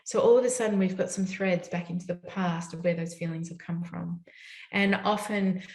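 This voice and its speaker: A woman's voice: lowish voice, fairly even intonation, normal speed, a little mellow. A woman giving a conversational parenting talk, often asking "right?" to check in with her listeners. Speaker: parenting educator. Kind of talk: summit talk. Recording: roomy echo.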